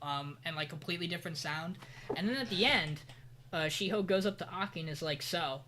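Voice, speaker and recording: A man's voice: a little high, a little fast, sharp tone, a little hiss or hum. A man co-hosting a podcast, recapping an anime in casual chat with rambling, profane, sarcastic asides. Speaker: podcast co-host.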